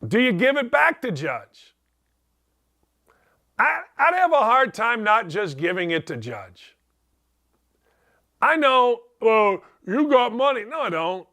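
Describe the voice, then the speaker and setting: A man's voice: sits high, big pitch swings, takes it slowly, pauses often, bright, forceful tone. A middle-aged man hosting a sports talk show, ranting bluntly and sarcastically in a rambling way. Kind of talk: opinionated talk radio rant.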